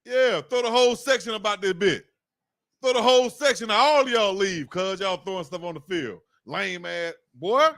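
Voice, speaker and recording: A man hosting a live fan play-by-play stream, excitable and slangy, shouting and cursing as he calls the game. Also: high voice, normal speed, no echo, studio quality.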